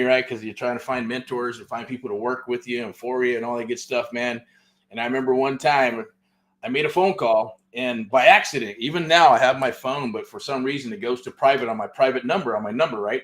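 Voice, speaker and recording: A man's voice: mid-range voice, a bit bright. A middle-aged man, hosting a real estate show and telling a story in loose, profane casual talk, full of "right?" and "man.".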